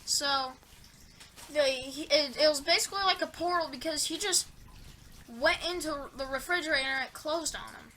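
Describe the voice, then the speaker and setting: A woman voicing a young girl who explains hesitantly and quietly, with restarts. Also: high voice, normal speed, slight background noise. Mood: explaining. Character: girl friend worriedly explaining, calm.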